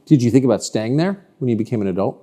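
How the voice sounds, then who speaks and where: Lively, quick man asking direct questions. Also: mid-range voice. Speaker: interviewer host. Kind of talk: interview questions.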